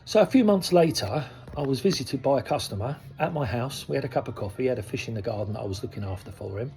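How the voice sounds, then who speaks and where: Soft soul music plays behind a man in his sixties who deals koi, speaking to camera at a fast clip in a medium-pitched, expressive voice. He's frank and casual with his viewers and wanders off into asides.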